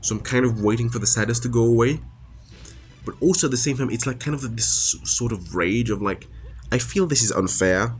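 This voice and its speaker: A man's voice: mid-range voice, brisk, slight background noise. A man talking straight to camera in a personal confessional monologue. He is emotionally raw and frustrated, and his speech halts with many restarts and fillers. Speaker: vlogger.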